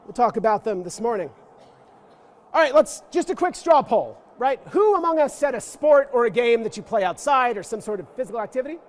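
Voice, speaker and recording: A man giving an interactive lecture to a church audience, playful and self-mocking, with joking asides. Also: very high voice. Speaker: guest lecturer. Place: church forum room.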